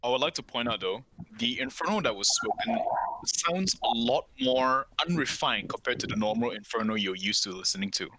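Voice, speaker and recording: A man acts as game master in an online tabletop session. His voice is strikingly bright, with a lively, swinging pitch. He stays patient and reassuring as he narrates. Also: brisk, slight background noise, poor audio.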